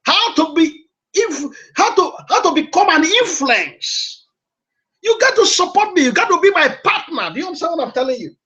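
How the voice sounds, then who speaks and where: Emphatic, high-voiced male radio preacher. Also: bright, forceful tone. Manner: emphatic, repetitive, exhorting. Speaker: radio host and motivational preacher. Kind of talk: preaching broadcast.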